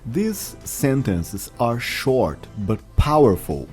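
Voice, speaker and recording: Slow, mellow-voiced male teacher. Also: medium pitch, big pitch swings, soft background music. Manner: slow, careful, repeats phrases to demonstrate. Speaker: English teacher. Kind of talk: language lesson.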